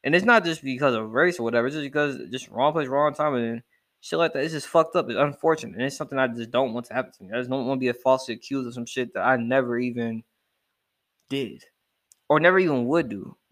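A young man ranting casually to camera, animated and profane as he reacts to a list. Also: medium pitch, quick pace. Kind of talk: casual rant.

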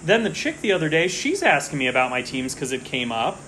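A man's voice: a little high, big pitch swings, fairly quick, bright, forceful tone, a little hiss or hum. Chatty man rambling through a draft. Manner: rambling, chatty, easily distracted. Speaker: podcast co-host. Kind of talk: casual chat during a fantasy football draft.

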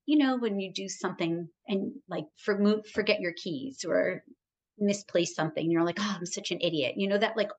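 A woman guest on a podcast, talking in an earnest, emphatic and encouraging way about self-worth. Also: medium pitch. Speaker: podcast guest, wellness coach. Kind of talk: conversational interview.

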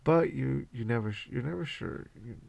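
Gravelly, swearing laid-back podcast host. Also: male voice, medium pitch, moderate pace, a little mellow. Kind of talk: casual rambling monologue.

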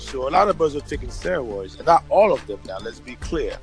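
A man co-hosting a casual chat, talking in loud, joking, profane banter. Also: mid-range voice, big pitch swings, a little fast, few pauses, soft background music.

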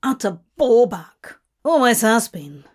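A woman voicing a gruff, protective male demon who growls and swears in slow, spat-out words. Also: a little high, sing-song, full character voice. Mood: scolding.

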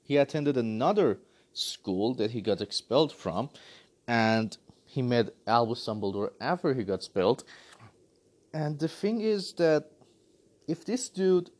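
A man's voice: medium pitch, a little slow. A man giving a casual, exasperated movie review full of sarcasm. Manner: animated, exasperated critique with sarcasm.

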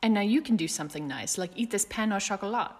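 A woman's voice: sits low, lively intonation, brisk, fairly bright tone, breathy edge, full character voice. A woman voicing a cheerful young man who talks in a breezy, bossy and playful way, in a reverberant room. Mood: cheery. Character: cheerful, teasing young man, a good friend.

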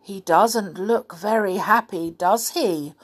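A wise little storybook girl, dry and knowing, speaking at an unhurried pace, as a woman reading aloud voices her. Close to the reader's own voice. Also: medium pitch, husky. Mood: wry.

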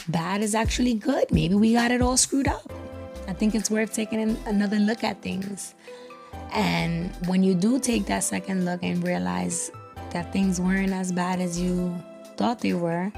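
A woman's voice: medium pitch, vocal fry, a little mellow. A woman hosting a solo podcast, talking frankly and confidingly, swearing casually and quoting her own self-talk. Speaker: podcast host. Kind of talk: candid solo podcast monologue.

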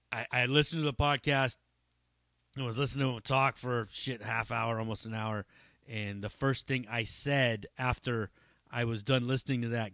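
A man's voice: medium pitch, a bit bright, dry recording, studio quality. A man hosting his own podcast in a loose, rambling chat, swearing freely and drifting between asides. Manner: rambling and profane, full of fillers and asides. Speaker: podcast host. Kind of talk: casual chat.

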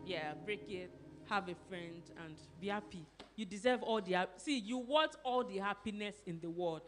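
A woman's voice: medium pitch, normal speed. A woman pastor with a Nigerian accent, preaching in a conversational way, often asking "do you understand?" and laughing. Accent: Nigerian English. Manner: animated, asks the audience questions, laughs often. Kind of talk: conversational sermon. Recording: music playing behind her.

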